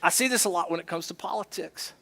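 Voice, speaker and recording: A male pastor preaching a sermon, animated and acting out both sides of everyday arguments. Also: high-pitched, fast. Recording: church service.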